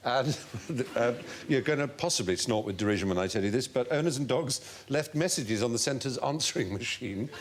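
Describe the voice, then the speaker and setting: A man's voice: mid-range voice, animated, fairly quick, hardly any pauses. A man hosting a comedy quiz show, telling odd facts in an amused, chuckling way. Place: TV studio.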